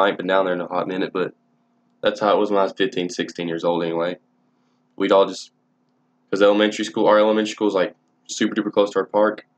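A young man with a fairly low voice tells a story casually, rambling and swearing with plenty of false starts. The sound is dull and lo-fi. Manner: rambling, profane, frequent restarts. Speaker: vlogger.

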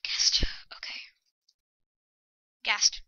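A woman giving excitable, anxious gameplay commentary, often dropping to a whisper. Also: extremely slow, no room sound, dull audio. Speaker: let's play host.

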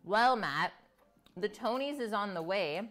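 A woman's voice: mid-range voice, lively intonation, unhurried, fairly bright tone. A woman hosting a live cooking stream, chatting casually and reading out viewer comments as she tastes food at home. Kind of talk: casual chat while eating.

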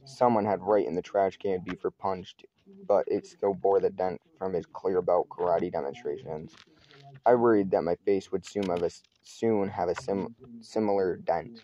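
A man's voice: deep voice, steady tone, moderate pace, dark tone, dull audio. A man reading a children's novel aloud in first person, often stumbling over words and correcting himself. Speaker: reader.

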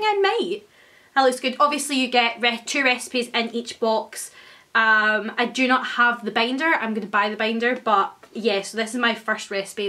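A young woman, gushing and excitable as she chats through an unboxing for her vlog. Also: on the high side. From Scotland. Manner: gushing, excitable, many exclamations. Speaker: vlogger. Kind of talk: casual unboxing chat.

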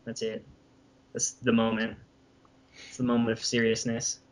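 A man's voice: mid-range voice, monotone, moderate pace. A young man co-hosting a podcast, casually retelling a comic scene with many fillers and restarts. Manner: rambling, lots of fillers and restarts. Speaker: podcast co-host.

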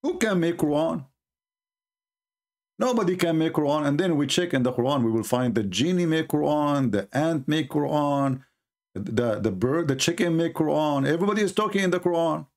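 On the high side and a little mellow, this male voice moves at normal speed. He hosts a livestream, mocking religious debate in a scornful manner and non-native English grammar.

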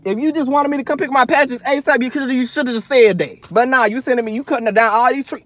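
A man doing a comedic mukbang rant, eating while talking with loud, exaggerated outrage, sitting in a parked car. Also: extremely high pitch, expressive, quick pace, hardly any pauses. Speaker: comedy vlogger.

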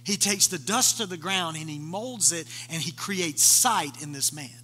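A high, bright-voiced man preaching a sermon, telling the story with lively, acted-out voices. His voice rings through a long reverberant church hall. A faint electrical hum sits under it. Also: normal speed. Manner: animated storytelling, acting out voices of the people in the story. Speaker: pastor.

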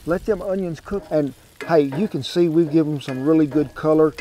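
Southern American man, homespun cooking host, slightly high voice, outdoor smoker, wireless lapel mic, faint background noise. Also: fairly quick, warm tone. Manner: homespun, chatty, talks straight to the folks watching. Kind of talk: folksy cooking demonstration. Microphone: wireless clip-on mic.

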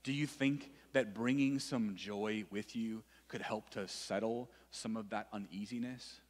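A man's voice: fairly low pitch, fairly even intonation, a little slow. A male youth pastor preaching to students in a conversational way, often repeating himself and checking in with "right?". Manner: conversational, repeats phrases, frequent "right?" asides. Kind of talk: sermon to students. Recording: long reverb in a hall.

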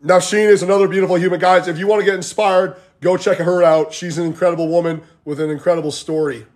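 Fitness coach guy on a phone livestream at home, kinda high voice, rambling motivational chat. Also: level tone, fast talker. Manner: motivational, rambling, says "like" and "guys" often.

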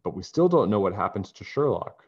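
A man's voice: fairly low pitch, big pitch swings, brisk, slightly rough. A man voicing a blunt tomboyish young girl with a dry manner. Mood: matter-of-fact. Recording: dull lo-fi recording.

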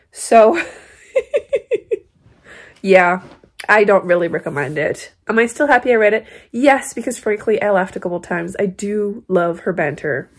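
A breathy young woman chats at home in a casual vlog. She talks bluntly and with exasperation, then switches to soft baby talk. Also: medium pitch. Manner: exasperated, blunt book ranting; cooing baby talk to kittens. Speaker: book vlogger.

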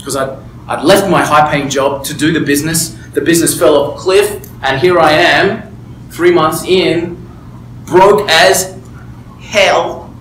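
Emphatic man, slightly high voice. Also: a little slow, a bit bright, roomy sound, slight background noise, low-quality recording. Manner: emphatic, keeps checking in with "right?"; candid personal storytelling. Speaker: business mentor. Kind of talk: motivational talk to a small group. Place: room with a table and a small group.

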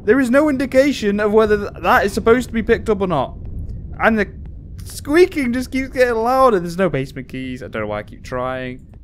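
A man's voice: high voice, lively intonation, a little fast, slight background noise. A young man commentating a horror game as he plays, talking to himself and jumping into panicked screams. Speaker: gaming YouTuber.

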